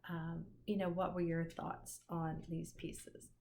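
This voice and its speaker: A woman's voice: on the low side, flat delivery, takes it slowly, creaky, warm tone, slight background noise. A woman teacher recording a casual lecture for an online class, enthusiastic and musing, with many fillers.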